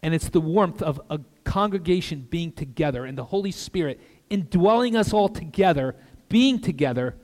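An older man preaching an earnest sermon as a guest pastor in a church, with conversational asides and soft drops for emphasis. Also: fairly high pitch, expressive, moderate pace, few pauses. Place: church sanctuary. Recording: long reverb of a church hall.

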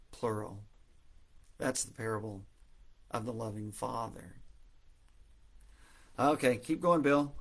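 A man's voice: medium pitch, gravelly. A man preaching an earnest sermon, retelling a parable in a storytelling manner.

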